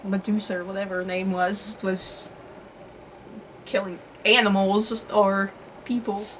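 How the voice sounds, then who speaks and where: Relaxed woman co-host, rambling chat. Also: medium pitch, measured pace, background noise. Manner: relaxed, rambling, frequent fillers and laughs. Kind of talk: casual chat.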